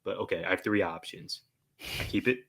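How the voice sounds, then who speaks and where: A young man co-hosting a podcast, agreeable and quick to laugh. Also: sits low, steady tone, fairly bright tone, husky. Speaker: podcast co-host. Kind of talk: casual chat.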